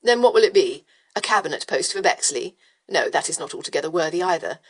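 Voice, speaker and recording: A woman reading an audiobook voices an arrogant male aristocrat who drawls and teases in smooth, provocative tones. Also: fairly low pitch, expressive, fast talker, voice pushed down. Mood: teasing drawl. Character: arrogant, lazily teasing male aristocrat rake. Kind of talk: audiobook character voice.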